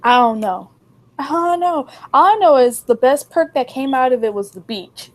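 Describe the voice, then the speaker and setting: A young woman co-hosting a casual chat, telling a wild story and acting out the people in it with her voice jumping up high. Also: normal speed. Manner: animated, acts out quotes in a raised voice. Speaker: podcast co-host.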